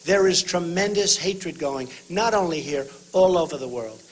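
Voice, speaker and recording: A man giving a campaign rally speech on a stage microphone in a large venue. He speaks emphatically in short repeated phrases, often shouting to the crowd and calling them folks. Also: on the high side, animated, normal speed, low-quality recording. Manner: talks directly to the audience, addressing them as folks. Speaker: political candidate speaking at a rally.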